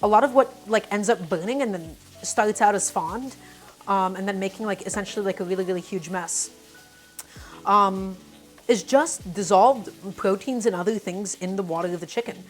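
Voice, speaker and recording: A woman's voice: mid-range voice, moderate pace. A woman hosting a casual cooking live stream, talking through each step and greeting her viewers by name. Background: faint music and sizzling pan.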